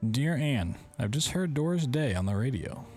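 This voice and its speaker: A man's voice: medium pitch, sing-song, normal speed, warm tone, faint music behind. A man hosting a game playthrough, reading in-game letters aloud and breaking off with wry, joking asides. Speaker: gaming video host.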